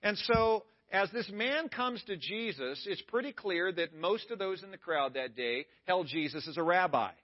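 A man's voice: sits high, lively intonation, moderate pace, few pauses, muffled recording. A male pastor preaching a sermon at a church service in a conversational way, with playful asides to the congregation.

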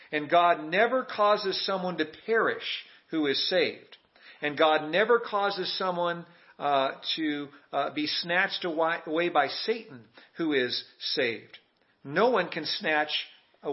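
A man's voice: fairly high pitch, highs cut off. A man preaching a sermon as pastor, emphatic and calling on the congregation to repeat lines back. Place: church sanctuary.

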